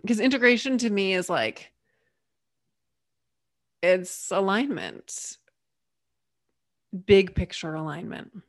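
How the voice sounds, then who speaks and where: A woman hosting a solo podcast, telling a personal story with expressive swings and playful whispered asides. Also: mid-range voice, unhurried, pauses often, no room sound, studio quality. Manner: expressive, acts out quoted voices, drops to a whisper for asides. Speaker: podcast host.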